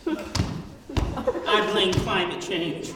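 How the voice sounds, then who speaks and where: A man improvising a gloomy male fish who talks in a mopey, deliberate way, on a stage in an echoey hall filmed from far off. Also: sits high, expressive, noisy background, heavily acted. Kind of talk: improv comedy scene.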